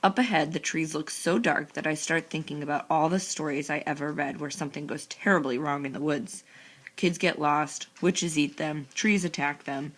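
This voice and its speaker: Lady reading a kids' book, low voice with some fry, sarcastic and lively. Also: moderate pace. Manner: sarcastic, expressive. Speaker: audiobook narrator. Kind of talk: first-person audiobook narration.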